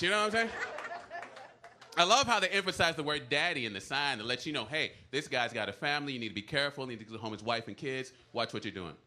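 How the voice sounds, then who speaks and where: A man's voice: fairly high pitch, lively intonation, quick pace, sharp tone. A man performing stand-up comedy on a club stage, talking casually and teasing the crowd with rhetorical questions. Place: comedy club stage before a live audience. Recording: noisy live club recording. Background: audience laughter.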